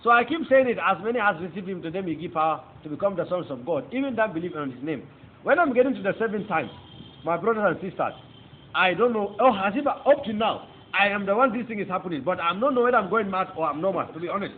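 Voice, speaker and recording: Quick-paced and lively in intonation, this high-voiced man speaks with a Nigerian accent while giving a passionate preaching testimony as a convert. He hammers points home by repeating phrases to his listeners. The sound is tinny, like a phone, with slight background noise.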